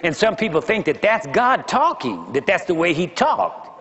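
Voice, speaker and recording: A man's voice: high-pitched, very animated, moderate pace, fairly bright tone. Older male pastor, conversational sermon, rhetorical questions, long hall echo, muffled recording. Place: large church hall.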